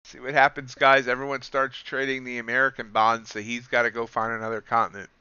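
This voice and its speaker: A young man talks casually as he trades live, tossing jokes to his viewers between market calls. His voice is bright and smooth. The sound is dry and slightly dull. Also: medium pitch, little pitch movement, a little fast, dry recording. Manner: chatty, joking asides to chat. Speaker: livestream futures trader.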